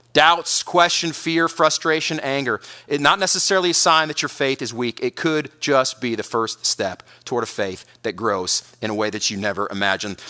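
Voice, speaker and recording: A man's voice: medium pitch, pushed and bright. A man preaching a sermon as pastor, earnest, often repeating words and restarting.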